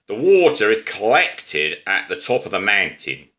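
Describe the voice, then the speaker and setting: Slow, low-voiced Australian man. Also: big pitch swings, bright, forceful tone. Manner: unhurried, musing, with fillers and asides. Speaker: amateur presenter explaining an invention. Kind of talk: casual rambling explanation.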